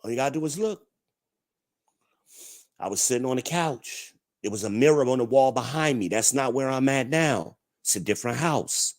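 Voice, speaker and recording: A man's voice: medium pitch, animated, moderate pace. Blunt, profane man ranting live. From New Jersey. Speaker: livestream host. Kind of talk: ranting live-chat commentary.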